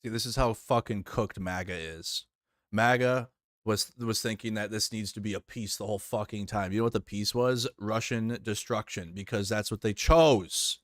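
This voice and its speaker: Man, mid-pitch, dry close mic, heated profane rant, repeats himself. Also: fairly even intonation, moderate pace, no echo. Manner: heated, swearing, repetitive. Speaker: streamer reacting to news.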